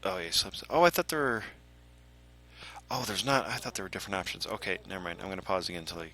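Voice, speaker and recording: A man's voice: deep voice, fast, very noisy. Rambling jokey gamer guy. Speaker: let's play gamer. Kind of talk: game commentary. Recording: loud game music behind.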